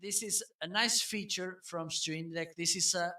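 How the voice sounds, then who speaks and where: A man's voice: sits high, unhurried, sharp tone. A man hosting a casual livestream, demoing his gear and searching for words as he goes. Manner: hums nonsense syllables while testing. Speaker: livestream host.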